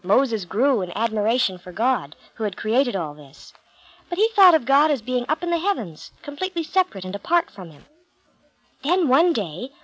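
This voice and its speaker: A woman reading a Bible story aloud, calm and clear in her storytelling. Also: high-pitched, no room sound, poor audio.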